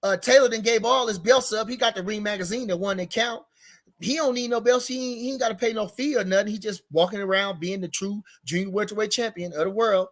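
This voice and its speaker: A man's voice: high-pitched, quick pace, fairly bright tone. Rambling heated man talking boxing. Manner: rambling, repeats himself, gets heated and emphatic. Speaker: boxing commentary show host. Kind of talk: casual unscripted boxing talk.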